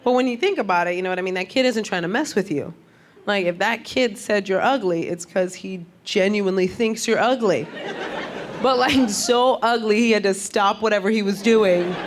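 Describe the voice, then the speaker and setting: A woman performing stand-up comedy on stage, talking chattily with the crowd and asking it questions. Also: medium pitch. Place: comedy stage before a live audience. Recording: live stage recording with audience laughter and noise.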